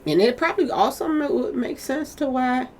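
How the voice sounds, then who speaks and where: A woman's voice: sits high, moderate pace, slight background noise. A woman hosting her own channel, chatting animatedly about celebrity gossip and talking straight to her viewers. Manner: chatty, animated, keeps addressing viewers as "y'all". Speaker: commentary channel host. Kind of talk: casual celebrity gossip commentary.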